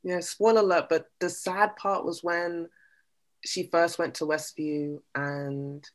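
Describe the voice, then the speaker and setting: A young adult student studying abroad in casual chat, bubbly and enthusiastic with quick laughs. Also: mid-range voice, little pitch movement.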